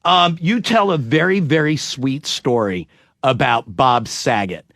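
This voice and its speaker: A man's voice: medium pitch, a little slow, creaky, a bit bright, no echo, clean studio sound. A man hosting a morning radio show, interviewing a guest and prompting him along. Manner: prompting with short acknowledgements. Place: radio studio.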